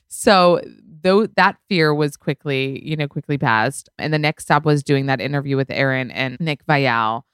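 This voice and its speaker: A woman's voice: deep voice, normal speed, smooth, dry recording, studio quality. A woman hosting her own podcast, telling a story in casual chat, full of "like" and "you know", with the odd swear word. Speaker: podcast host.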